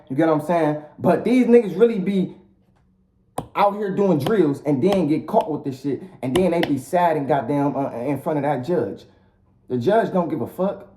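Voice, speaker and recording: A man's voice: fairly high pitch, dark tone. A man ranting casually as a vlogger, blunt and profane, with lots of repetition. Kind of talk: casual rant to the camera. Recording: roomy echo.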